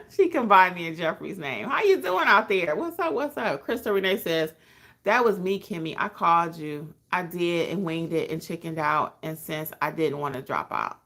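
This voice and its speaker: A woman hosting a casual live stream as a notary trainer, reading viewer comments aloud in an animated, encouraging way. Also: mid-range voice, moderate pace. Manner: animated, emotional, encouraging, calls viewers honey.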